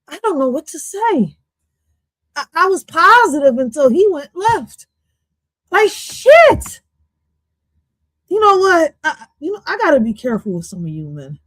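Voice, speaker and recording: A woman hosts a live reaction stream in a slightly high voice, loud and profane, laughing often as she talks. The sound is close and dry, with no room around it. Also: no room sound. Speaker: streamer host.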